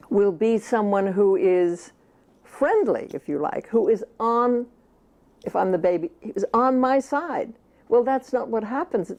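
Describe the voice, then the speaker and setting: Mellow-voiced woman speaking with emphasis. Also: mid-range voice, muffled recording. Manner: emphatic, repeats phrases for stress, speaks as a baby in first person. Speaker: author being interviewed. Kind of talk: earnest interview answers.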